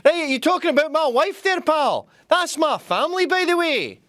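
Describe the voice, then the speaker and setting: A man's voice: very high voice, big pitch swings, moderate pace, fairly bright tone, voice pushed up, exaggerated voice. A man putting on the voice of an indignant husband who is squaring up to someone, in a mock-tough tone. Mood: defiant.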